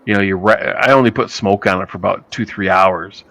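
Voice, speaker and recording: A man's voice: low-pitched, brisk, a bit bright, no room sound, rough recording. A man hosting a casual chat, joking, swearing and telling stories. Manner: joking, swears, tells anecdotes. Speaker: podcast host.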